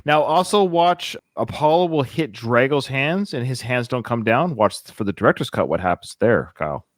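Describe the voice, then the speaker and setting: A man's voice: medium pitch, lively intonation, normal speed, no echo, studio quality. A man co-hosting a casual movie podcast, opinionated and chatty, often repeating himself. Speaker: podcast co-host. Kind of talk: casual movie-watch chat.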